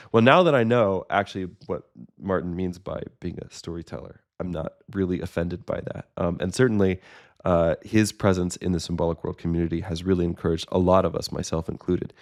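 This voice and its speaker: A man's voice: low voice, a little mellow. A man who teaches courses, talking casually and earnestly to his viewers, rambling with many fillers and restarts, from his own recording studio. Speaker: course instructor. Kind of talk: casual solo talk to viewers.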